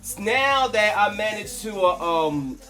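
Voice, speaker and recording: A live streamer chatting casually with viewers in a quieter, softer morning voice, rambling and laughing easily. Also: mid-range voice, animated, unhurried, faint music behind.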